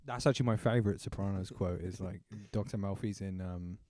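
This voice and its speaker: A man's voice: deep voice, a little fast, mellow, dry recording, studio quality. A man co-hosting a podcast, rambling casually with lots of fillers and swearing. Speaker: podcast co-host. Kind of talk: casual chat.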